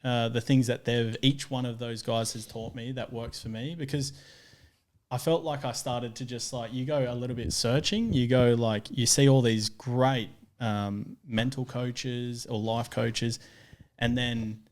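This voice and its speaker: A man's voice: medium pitch, fairly even intonation, measured pace. Australian young man, thoughtful and rambling. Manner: thoughtful, rambling, many fillers. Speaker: guest. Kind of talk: casual chat.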